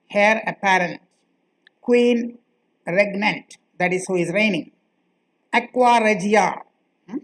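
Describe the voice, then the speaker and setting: A woman teaching a grammar lesson, speaking slowly and repeating key phrases for her students. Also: medium pitch, poor audio. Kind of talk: classroom lecture.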